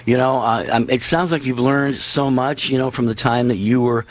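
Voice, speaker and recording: A male co-host with an ordinary, mid-pitched voice. He sums up the guest's story thoughtfully and warmly affirms it, filling his pauses with "you know". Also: fairly even intonation, no echo, low-quality recording. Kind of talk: radio talk show interview.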